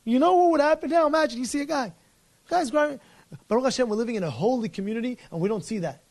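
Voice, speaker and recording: A man, a rabbi, giving a passionate Torah lecture, animated and acting out scenes, sprinkling in Hebrew and Yiddish words. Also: extremely high pitch, quick pace.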